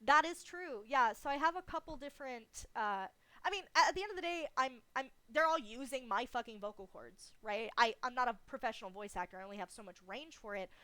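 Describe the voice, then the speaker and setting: Bright, candid streamer woman. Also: a little high, animated, fairly quick, clean tone, no room sound. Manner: candid, swears freely, laughs often. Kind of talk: casual livestream Q&A.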